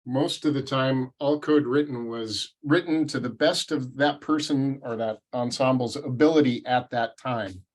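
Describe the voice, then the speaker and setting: Guy at a meetup, chatty and self-deprecating, mid pitch. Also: measured pace, hardly any pauses. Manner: conversational, self-deprecating storyteller. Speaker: meetup speaker. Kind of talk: casual group discussion.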